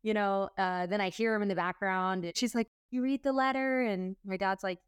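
Woman guest spilling a personal story, earnest and tumbling, smooth voice, dry close sound. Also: medium pitch, fairly even intonation, moderate pace, no room sound. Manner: earnest, tumbling storytelling full of quoted dialogue.

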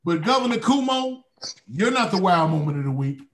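Rowdy profane Chicago podcast host. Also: male voice, high-pitched, sing-song, moderate pace, slight background noise. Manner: rowdy, profane, laughing, says he's talking drunk. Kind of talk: loud casual banter.

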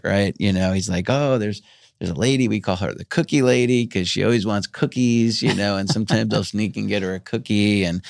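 A man's voice: low voice, gravelly, no echo, studio quality. A middle-aged man hosting an interview show, chatting enthusiastically and tagging sentences with "right?". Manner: enthusiastic, peppers speech with "right?". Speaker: podcast host. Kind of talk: casual chat.

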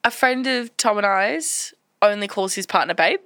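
A woman's voice: mid-range voice, moderate pace, fairly bright tone, no room sound, studio quality. A woman co-hosting a casual podcast, a bubbly, self-mocking storyteller. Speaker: podcast co-host. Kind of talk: casual chat.

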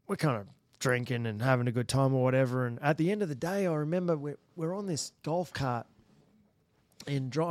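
A retired bull rider from Australia, speaking with an Australian accent, guests on a podcast in a mid-range voice on a dry recording. He rambles casually through anecdotes, with false starts and chuckles.

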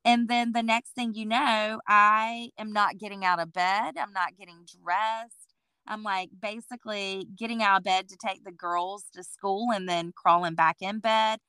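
A woman in her forties tells her story as an interview guest, lively and acting out the voices of others. Her voice is smooth and resonant, with a bright, forceful edge, recorded dry and close. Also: medium pitch, unhurried, no room sound. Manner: lively storyteller who acts out what people said. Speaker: boutique owner, interview guest. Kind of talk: conversational storytelling.

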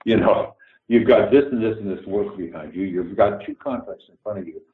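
A man's voice: on the low side, fairly quick, reverberant, phone-quality sound. An older man from Canada with a Canadian accent, a guest telling candid, profane stories and acting out the dialogue. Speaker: guest actor. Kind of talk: casual interview storytelling.

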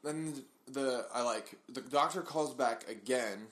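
A man's voice: mid-range voice, takes it slowly, fairly bright tone. A young man co-hosting a podcast, telling a long story in casual chat and acting out the people in it. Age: young adult. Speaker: podcast co-host.

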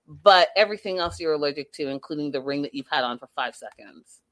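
A woman's voice: low voice, fast talker, a bit bright. A woman commenting on a reality show in a sassy, exasperated way, repeating herself for emphasis while reading viewer chat.

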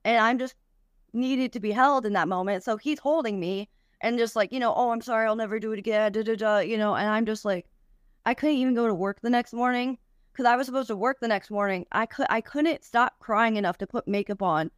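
A woman's voice: a little high, brisk, clean tone, no room sound, studio quality. A young woman, a podcast guest, tells a personal story candidly, with frequent swearing and many "like" fillers.

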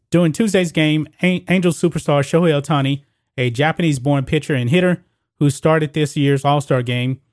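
Fairly high in pitch but darkish in tone, this man runs his own sports opinion channel, recorded at studio quality with no echo. The sports commentary host addresses viewers casually and reads news quotes aloud with stumbles and restarts.

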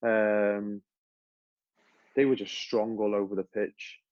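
A man's voice: on the low side, slow pace, dry recording, lo-fi sound. A man, a former footballer, talking casually as a podcast guest, telling stories with many restarts. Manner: relaxed storytelling with many restarts.

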